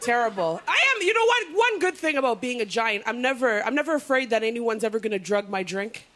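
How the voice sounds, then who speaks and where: High, lively woman comic. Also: fast talker. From North America. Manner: animated, bawdy, punchy delivery with exaggerated impressions. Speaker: stand-up comedian. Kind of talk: stand-up comedy set. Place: comedy stage before a live audience. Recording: loud studio audience laughter and noise.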